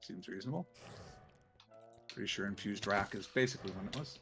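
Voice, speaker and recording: A man's voice: on the low side, brisk, fairly bright tone, soft background music. A man streaming a game, chatting casually and muttering to himself as he crafts items. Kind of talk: casual gameplay chat.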